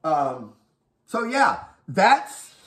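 A man giving a profane, animated, rapid-fire recap of a horror movie. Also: high-pitched. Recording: echoey room with faint music.

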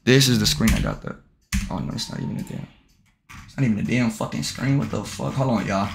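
A man's voice: medium pitch, a little fast, creaky, slight background noise. A young man live streaming and video-chatting with strangers, brash and heavy on profanity, talking straight to his chat.

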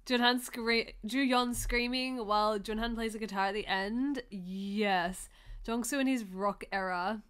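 A woman hosting a reaction video, talking in a casual, gushing way with loud excited exclamations. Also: on the high side, unhurried, clear, resonant tone.

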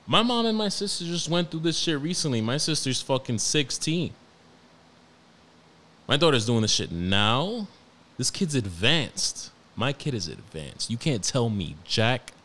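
A young man with a New York accent, hosting a podcast and telling stories about his toddler in a profane, animated, slangy way. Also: mid-range voice. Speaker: podcast host. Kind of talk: casual storytelling monologue.

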